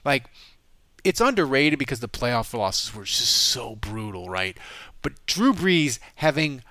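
A man hosting a sports podcast, giving quick, opinionated analysis in a casual chat. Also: mid-range voice, big pitch swings, sharp tone, dry recording. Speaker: podcast host.

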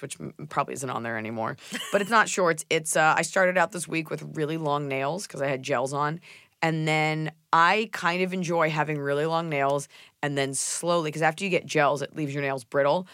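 A young woman co-hosting a podcast, chatting casually in a blunt, sarcastic way with quick asides. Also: low-pitched, a bit bright, no room sound, studio quality. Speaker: podcast co-host. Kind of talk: casual chat.

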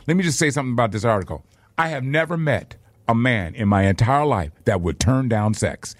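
A man's voice: medium pitch, animated, dry recording. A male radio host chatting loosely on a morning show, playful and a little wry. His mid-range voice sits dry and close in the studio mic. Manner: playful, wry, quick asides. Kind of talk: casual radio banter.

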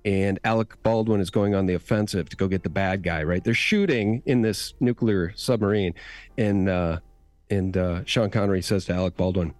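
A man's voice: lowish voice, normal speed, a little mellow, no echo. A man talking casually as a guest on a talk show, telling stories with enthusiasm. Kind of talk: casual chat.

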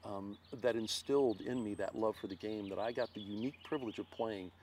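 A man's voice: fairly low pitch, fairly quick, slight background noise. An older man from Ohio, a former ballplayer, telling stories in a casual interview and acting out quotes. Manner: animated storyteller, acts out quotes loudly. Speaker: interview guest, former baseball pitcher.

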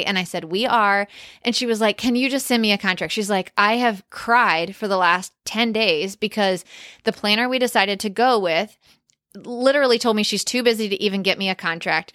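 A woman's voice: mid-range voice, fairly bright tone, dry recording, clean studio sound. Chatty woman wedding planner podcasting. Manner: chatty, emphatic, lots of "like" and quoted asides. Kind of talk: casual podcast monologue.

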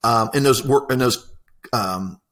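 An excited man tells a long story in a relaxed interview. His voice sits at a middling pitch, and his talk rambles, packed with fillers and restarts. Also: measured pace. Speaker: apprenticeship coordinator.

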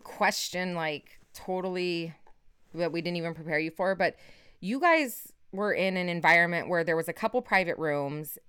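A woman's voice: fairly low pitch, normal speed, a bit bright, clear, resonant tone. A woman, a nurse who co-hosts the podcast, asking guests questions in a thoughtful, conversational way.

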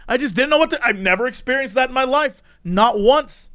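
A man telling a story in casual chat. He is animated, laughs often and acts out the voices. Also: very high voice, quick pace. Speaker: podcast storyteller.

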